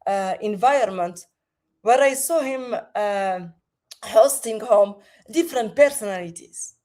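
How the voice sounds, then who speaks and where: A woman with a French accent, a podcast guest speaking over a video call, with many pauses and restarts. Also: mid-range voice, a little mellow. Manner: hesitant, many fillers and restarts. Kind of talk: remote interview.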